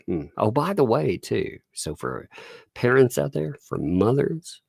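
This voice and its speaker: A man hosting a casual livestream, chatty and quick to laugh as he retells everyday stories. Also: medium pitch, very animated, gravelly, darkish tone, no echo, clean studio sound. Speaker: livestream host.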